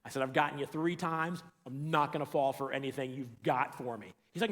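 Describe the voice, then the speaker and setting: A man's voice: mid-range voice, brisk, few pauses, fairly bright tone. A man co-hosting a church show, telling a funny story in a casual way, acting out the other people's lines and laughing often. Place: large empty church auditorium. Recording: long hall reverb.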